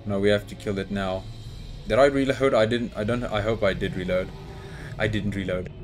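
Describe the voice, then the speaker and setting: Over noisy surroundings and faint game music, a young gaming YouTuber speaks in a fairly low, steady voice at normal speed. His let's play commentary has him panicking aloud and talking to his character and the monster.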